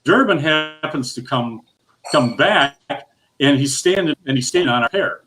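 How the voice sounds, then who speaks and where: A man's voice: on the high side, lively intonation, normal speed, fairly bright tone. An older man telling a long, rambling bowling story in casual chat, full of restarts and his own laughter. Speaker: guest storyteller.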